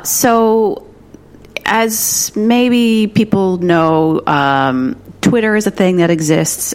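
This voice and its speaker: Woman co-host, low voice, wry and profane, loose rambling banter. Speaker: podcast co-host. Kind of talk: casual chat.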